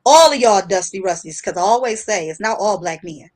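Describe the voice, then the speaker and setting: A woman hosting a casual chat show, telling a story in a lively, slangy way with frequent laughter. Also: medium pitch, fairly quick. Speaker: host.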